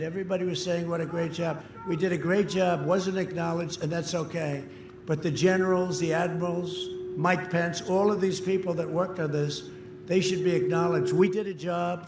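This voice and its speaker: A man giving a boastful, mocking campaign rally speech from a podium microphone, repeating lines and shouting them out to the crowd. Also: sits high. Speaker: candidate speaking at a campaign rally. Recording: echoey sound system with crowd noise.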